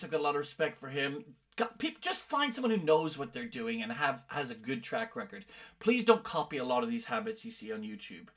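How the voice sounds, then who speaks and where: A man's voice: high-pitched, fairly bright tone. A middle-aged man from the UK, a vocal coach commenting on other coaches' videos with emphatic, exasperated explanations. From United Kingdom.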